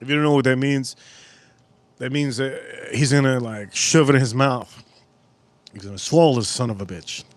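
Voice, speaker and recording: A man hosting a live cooking stream outdoors at a grill, talking in a casual, profane way with sudden loud exclamations. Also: medium pitch, normal speed, long pauses, no room sound.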